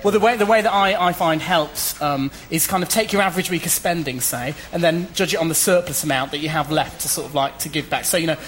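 A man's voice: fairly high pitch, fast, few pauses, fairly bright tone. Playful british man in noisy room. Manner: playful, mocking, breaks into laughter. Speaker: improv performer. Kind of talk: improvised comedy scene.

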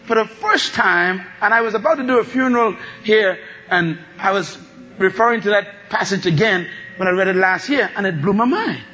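A man preaching a sermon as pastor, animated, swinging between shouts and low asides and laughing often. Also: normal speed, lo-fi sound.

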